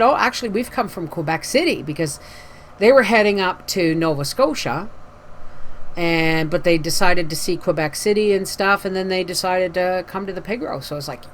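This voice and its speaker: A woman's voice: medium pitch, a little hiss or hum. A woman talking casually to camera as a homestead vlogger, a chatty storyteller who acts out the voices in her anecdotes and sounds tired after a night with a migraine.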